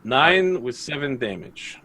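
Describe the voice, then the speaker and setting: A man's voice: medium pitch, expressive, pushed and bright. A man playing a tabletop game, joking around and answering rules questions. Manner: playful, jokey, quick rules answers. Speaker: player. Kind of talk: tabletop role-play chat.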